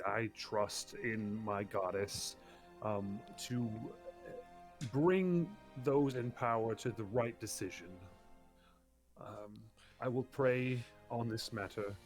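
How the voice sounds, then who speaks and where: Slow, measured man player. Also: lowish voice. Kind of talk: in-character tabletop play.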